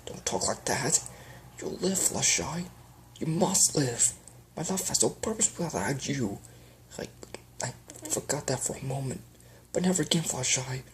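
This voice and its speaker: A man's voice: mid-range voice, animated, normal speed, a little hiss or hum, pitched above the performer's own voice, lightly acted, poor audio. A man voicing a grieving male chaos spirit who pleads desperately and breaks into strained whispers. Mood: pleading grief.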